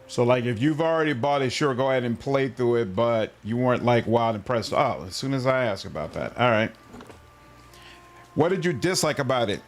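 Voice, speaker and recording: A man casually chatting through a game livestream, answering his chat in a relaxed way. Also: medium pitch, normal speed. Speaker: streamer. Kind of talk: casual gameplay livestream commentary.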